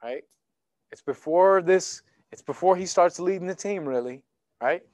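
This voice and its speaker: Animated, high-voiced male preacher. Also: moderate pace, no room sound. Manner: animated, conversational preaching with sports analogies. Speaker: pastor. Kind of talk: sermon. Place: church sanctuary.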